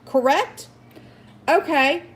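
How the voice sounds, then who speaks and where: A woman's voice: high-pitched, very slow, slight background noise. A woman hosting a political commentary show, ranting indignantly at her viewers with many fillers and restarts. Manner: indignant, outraged, addresses viewers as guys. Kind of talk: opinion rant to viewers.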